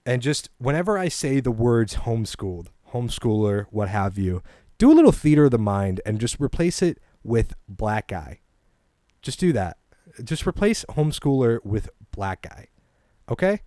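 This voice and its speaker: A man's voice: mid-range voice, big pitch swings, moderate pace, mellow, no echo, clean studio sound. A young man hosting a comedy podcast, talking casually in a meandering way and chuckling at his own jokes. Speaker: podcast host. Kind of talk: rambling comedy podcast monologue.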